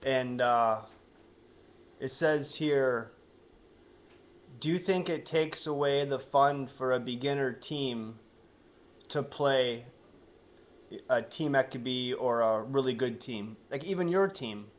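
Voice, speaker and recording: A man in his own everyday voice, easygoing and friendly as he asks questions. His pitch sits in the middle range, and he talks at an ordinary pace. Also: slow, long pauses. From United States. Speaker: interview host. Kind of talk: casual interview.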